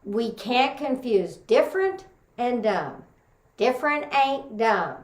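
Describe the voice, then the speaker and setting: A woman's voice: on the high side, animated, slow, reverberant. A woman from Texas giving a humorous contest speech, telling stories full of folksy sayings. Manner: folksy storytelling with Southern sayings. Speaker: contest speaker.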